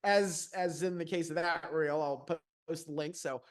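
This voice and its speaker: High-voiced man, laid-back podcast talk. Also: steady tone, moderate pace. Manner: laid-back, frequent "you know" and fillers. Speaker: podcast co-host. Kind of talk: casual chat.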